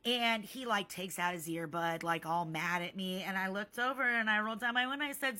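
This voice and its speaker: Bright-voiced woman telling a sarcastic story. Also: medium pitch, a little fast. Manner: animated, sarcastic, swearing freely. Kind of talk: casual storytime vlog.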